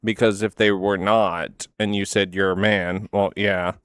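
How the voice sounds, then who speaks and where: A man's voice: on the low side, flat delivery, measured pace, fairly bright tone, clean tone, no room sound, clean studio sound. A man hosting a reaction video, talking casually in a rambling, sarcastic way with lots of "like".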